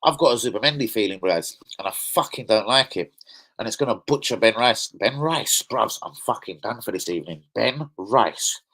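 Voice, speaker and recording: A man hosting a football fan stream, talking in an excitable, slangy, profane, rambling way. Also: on the low side, normal speed, husky, poor audio. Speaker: host of a football fan channel. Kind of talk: casual live-stream chat.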